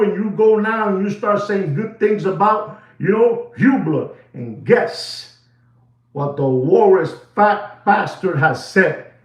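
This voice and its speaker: A high-pitched man rants in a rambling, excitable comic style, hosting a watch market show. He sounds distant and echoey, with a dull, muffled recording. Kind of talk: comic rant.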